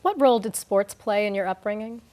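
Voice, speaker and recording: A woman host reads a scripted introduction in an even, measured voice. She then asks short, direct questions and backs the guest with frequent mm-hmms. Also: mid-range voice. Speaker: interviewer.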